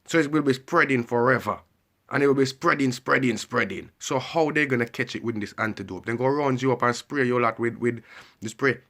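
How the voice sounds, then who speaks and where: A man's voice: medium pitch, brisk, fairly bright tone. A man delivering a heated, repetitive ranting monologue and pressing the listener with questions. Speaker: vlogger.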